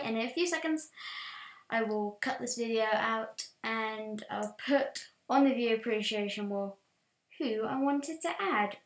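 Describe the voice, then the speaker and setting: A woman hosts a let's play, commenting on her game with excitable outbursts that drop to low muttering. Her voice sits a little high and she talks at an unhurried pace. The room has an echo. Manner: excitable, swings from quiet muttering to loud shouts. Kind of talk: gameplay commentary. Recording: roomy echo.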